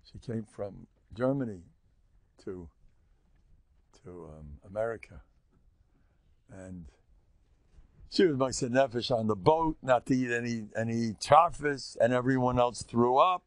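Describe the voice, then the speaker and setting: A man's voice: medium pitch, a little slow, pauses often, no room sound. An older man, a rabbi giving a rambling, joking religious lecture and teasing his listeners.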